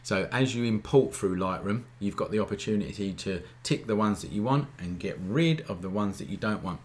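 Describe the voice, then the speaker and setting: A low-voiced man runs a casual live-stream photography lesson. He talks in an informal, easygoing way and often tags his points with a quick check-in to the viewers. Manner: chatty, keeps asking "all right?"; informal, relaxed wording. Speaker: photography teacher hosting a live Q&A.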